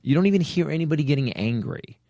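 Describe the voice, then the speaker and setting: A man hosting a comedy podcast, ranting in an animated, rambling way with many restarts. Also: fairly high pitch, fast talker, no echo, studio quality. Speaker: podcast host. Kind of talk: comedic political rant. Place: studio.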